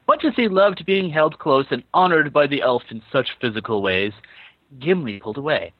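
A man's voice: fairly high pitch, animated, normal speed, dry recording, lo-fi sound. A man reading fan fiction aloud for comedy, breaking off now and then to laugh and comment.

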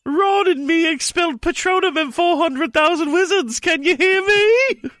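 A man putting on the high, shrill voice of an excitable teenage boy wizard in a comic reading. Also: moderate pace.

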